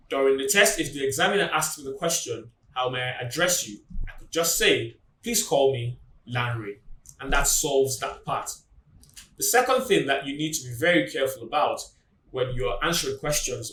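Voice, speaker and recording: Tutor guy, bright sharp voice, bit high, explains slow and emphatic, echoey room. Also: distant mic. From Nigeria. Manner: deliberate, emphatic teaching delivery with slowed example phrases. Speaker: IELTS tutor. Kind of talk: instructional video lesson.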